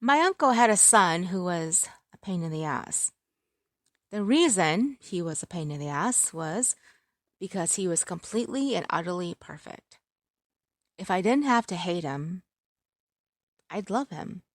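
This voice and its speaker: A woman reads a first-person romance story in a wry, conversational tone. Her voice is on the low side, and the recording is dry and close. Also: expressive, a little slow, long pauses, no echo. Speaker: story narrator.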